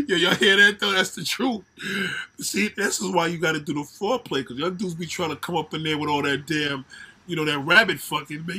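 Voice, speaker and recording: Husky guy with a bright fairly high voice, laughs a lot, acts stuff out. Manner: animated, laughing often, acts out quotes. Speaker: podcast co-host. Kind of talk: casual chat.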